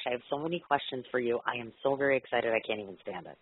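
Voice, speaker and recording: Male radio host, gushing and chatty, rapid husky delivery, dry lo-fi radio sound. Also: mid-range voice, no echo. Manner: gushing, effusive, filler-heavy. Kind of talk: excitable radio interview chat. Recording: lo-fi phone-like radio audio.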